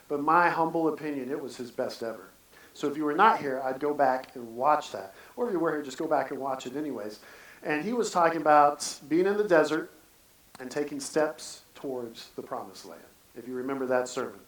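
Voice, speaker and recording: A man giving a casual, earnest church sermon, talking in halting bursts full of restarts. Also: on the high side, a bit bright. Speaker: preacher. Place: church sanctuary. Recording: echoey church sanctuary from a distance.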